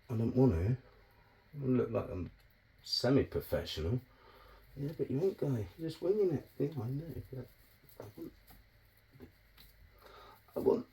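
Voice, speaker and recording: A man's voice: mid-range voice, creaky, dark tone. A man vlogging as he works on a bonsai, chatting casually, bantering with himself and swearing freely. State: out of breath. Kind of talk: casual self-talk while working.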